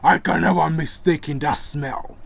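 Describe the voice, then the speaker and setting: A man's voice: fairly even intonation, moderate pace, vocal fry, a bit bright, no echo, exaggerated voice. A man voicing a menacing male wolf-handed beast who gloats as he hunts a god. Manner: booming, gloating, sniffing out prey.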